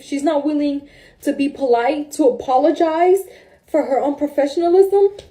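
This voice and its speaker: Here a woman with a high-pitched, mellow voice speaks at a moderate pace, recounting a salon visit. Her telling is loose and emotional, and she keeps calling her audience "bro."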